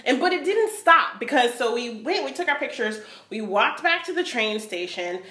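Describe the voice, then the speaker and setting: A woman co-hosting a casual travel chat, telling stories with animation and acting out people in a high, excited voice. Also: moderate pace, reverberant. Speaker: co-host.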